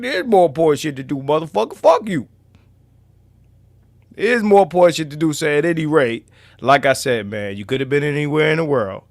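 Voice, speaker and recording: A man hosting a casual livestream, loud and profane, now and then dropping to a low mutter. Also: lively intonation, normal speed, no room sound, clean studio sound. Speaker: livestream host.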